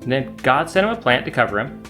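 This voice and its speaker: A man teaching children, telling a Bible story in a playful, animated way with silly asides. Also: mid-range voice, fast, faint music behind.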